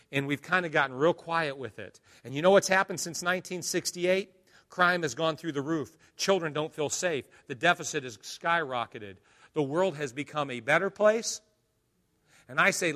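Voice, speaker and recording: A male pastor preaching a sermon, swinging from hushed lines to loud dramatic ones. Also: on the high side.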